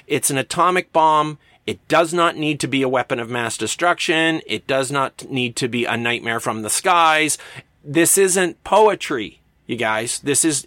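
A male writing instructor lectures with a bright, forceful voice that leaps around in pitch. His delivery is emphatic and playful. The sound is close and dry, with no room echo. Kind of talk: recorded lecture.

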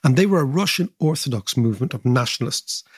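A man's voice: mid-range voice, animated, fast, breathy edge, no echo, studio quality. A man in his fifties co-hosting a podcast, telling long digressive stories in a lecturing, casual way. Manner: expansive, lecturing, digressive with asides. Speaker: podcast co-host. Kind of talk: casual chat, storytelling.

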